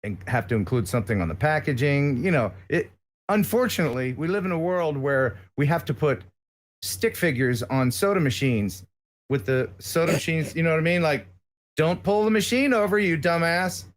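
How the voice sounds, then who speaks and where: A man's voice: mid-range voice, animated, fairly quick. An American man chatting casually as a guest on a live stream, rambling and joking with lots of filler words.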